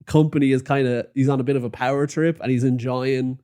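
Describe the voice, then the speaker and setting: A man co-hosting a football podcast in casual chat, laughing often and swearing in relaxed banter. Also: medium pitch, brisk, clean tone. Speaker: podcast co-host.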